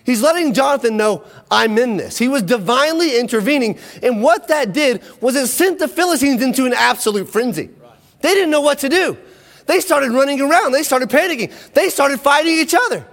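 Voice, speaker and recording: A man's voice: very high voice, fairly quick, big-room sound. A man preaching a sermon, retelling a Bible story with energy, acting out the quotes and checking in with his listeners. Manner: energetic storytelling, acts out quotes, asks the audience.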